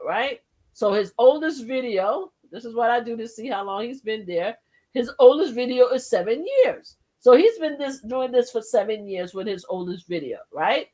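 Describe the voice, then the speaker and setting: A woman who is a grandmother, hosting her own channel and chatting casually, animated and laughing often, swinging between exclamations and low asides. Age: older. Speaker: host. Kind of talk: casual chat.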